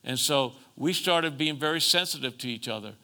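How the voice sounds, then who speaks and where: A man preaching a sermon as pastor, calling for amens and moving between emphatic and soft, earnest passages. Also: a little high, normal speed. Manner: preachy call-and-response, rising to emphatic then softening.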